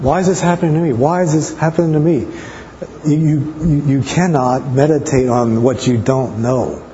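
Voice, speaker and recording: A man's voice: mid-range voice, mellow, slight background noise. Guy preaching in church, rambly testimony, muffled sound, big reverby hall. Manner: conversational, rambling with many restarts. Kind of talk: sermon with personal testimony.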